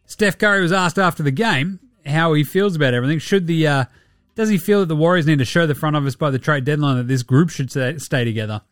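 A man's voice: fairly high pitch, fast talker, no room sound, clean studio sound, faint music behind. An Australian man hosting a sports podcast, talking casually and sarcastically, swearing often and mocking the people he talks about. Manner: profane, sarcastic, mocking impressions. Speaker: podcast host.

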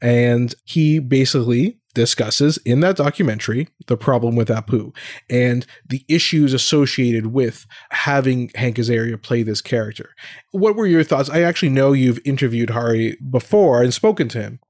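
A middle-aged man with a voice of average pitch talks in a thoughtful, questioning way, often restarting as he works out what to say. He sounds dry and close to the mic. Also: moderate pace, a little mellow, no room sound. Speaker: podcast co-host. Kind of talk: casual discussion.

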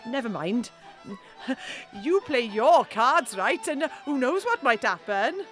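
A woman's voice: fairly high pitch, very animated, takes it slowly, fairly bright tone, faint music behind, heavily acted. A woman voicing a cheeky Welsh woman who pretends to be Irish in a comedy radio sketch, with a Welsh accent, stretching her lines and throwing in put-on Irish phrases. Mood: teasing.

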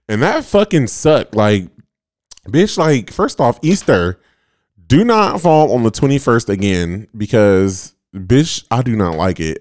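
A man's voice: deep voice, a little mellow, clear, resonant tone, no room sound, studio quality. A man in his late twenties, a podcast host, telling a rambling, profane story in a casual way with lots of "like" fillers.

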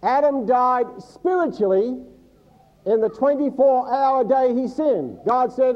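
A man's voice: very high-pitched, takes it slowly, highs cut off. A male pastor preaching a sermon to a congregation, teaching from the Bible and quizzing the listeners with humorous asides. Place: church service before a congregation.

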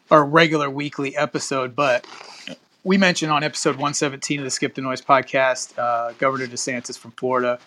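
Reading a news article on his podcast, a man keeps things casual and chatty, stopping to comment and laughing at how it's written. As the host, he speaks with a medium pitch and a bright, forceful tone.

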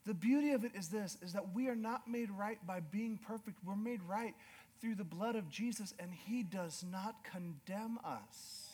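A man preaching a sermon as pastor, retelling scripture in a hushed voice and building to loud, fervent declarations, often repeating words as he restarts. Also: sits high, normal speed, husky.

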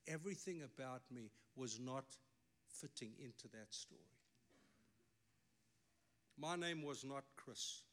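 A man's voice: medium pitch, a little slow, pauses often, fairly bright tone. A middle-aged man with a South African accent, a native Afrikaans speaker, preaching a sermon with emphatic delivery and wry asides. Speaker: pastor.

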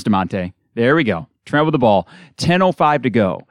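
A man hosting a podcast, calling a basketball game live with bursts of excitement. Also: fairly high pitch, unhurried, no room sound, clean studio sound. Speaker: podcast host doing live game reaction. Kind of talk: excited play-by-play commentary.

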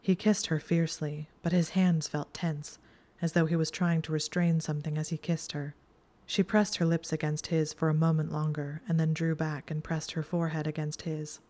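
A woman reading fan fiction aloud as an audiobook, with even, steady storytelling. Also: low voice, normal speed. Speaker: reader.

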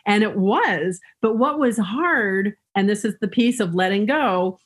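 A woman's voice: mid-range voice, expressive, measured pace. A woman guest in an interview, telling personal stories in an upbeat, humorous way and often laughing. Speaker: guest speaker. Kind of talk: storytelling in an interview.

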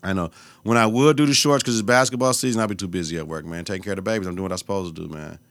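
A young adult man hosting his own podcast, talking in a loose, profane, animated way and breaking into laughter as he tells stories. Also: sits low, rapid-fire, dry recording. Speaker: podcast host. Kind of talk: casual solo podcast rant.

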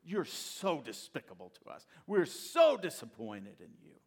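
A man's voice: on the high side, huge pitch swings, a little slow, a little mellow, husky, voice pushed down, heavily acted. A man voicing dismayed parents scolding their wayward son in a sermon story, exasperated in tone.

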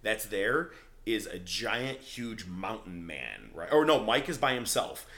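Deep-voiced man recapping a show. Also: unhurried. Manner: animated retelling, acting out quoted lines. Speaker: podcast host. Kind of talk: casual chat recapping a TV show.

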